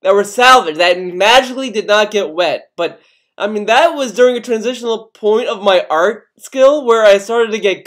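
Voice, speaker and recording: A young man commenting casually on a video, rambling, swearing a lot and putting on mock outrage. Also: high-pitched. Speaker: commentary youtuber.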